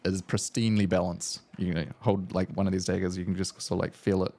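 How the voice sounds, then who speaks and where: A man's voice: low-pitched, level tone, fast talker, creaky, dark tone. A man narrating a tabletop game as game master, in a casual, rambling way with many fillers.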